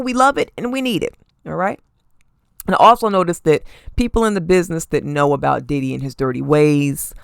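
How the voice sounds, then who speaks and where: A woman hosting a podcast, giving sassy, animated celebrity gossip commentary and often tossing in "okay?" asides. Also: mid-range voice, vocal fry, no room sound, studio quality. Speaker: podcast host.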